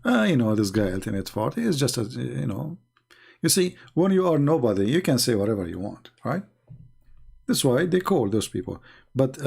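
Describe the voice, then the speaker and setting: Gravelly-voiced man hosting a live stream. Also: medium pitch, a little mellow. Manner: retells exchanges, acting out quotes in a raised voice; repeats words and restarts sentences. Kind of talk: live-streamed debate talk.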